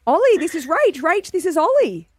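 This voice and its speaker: A woman's voice: very high-pitched, big pitch swings, moderate pace, no echo, studio quality, soft background music. An Australian woman hosting a radio show, chatting casually and giggling as she promotes an event. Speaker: radio host. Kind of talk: casual breakfast radio chat.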